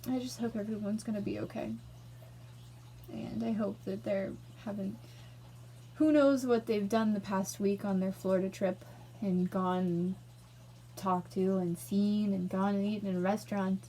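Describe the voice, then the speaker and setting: A woman's voice: medium pitch, steady tone, normal speed, mellow, a little hiss or hum. A young woman ranting angrily in a personal vlog, emotional and swearing. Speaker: vlogger.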